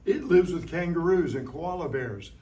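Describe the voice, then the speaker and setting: A man teaching a lively science lesson to young children in a classroom, playful and full of call-and-response. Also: on the high side, normal speed. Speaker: science educator visiting a class. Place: school classroom. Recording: roomy room from a distant mic.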